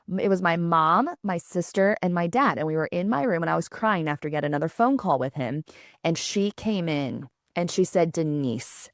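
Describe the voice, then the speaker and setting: A woman in her thirties hosts a solo podcast, sharing personal stories in a lively, conversational style full of laughs and asides. Her voice is deep, and the studio-quality recording has no echo.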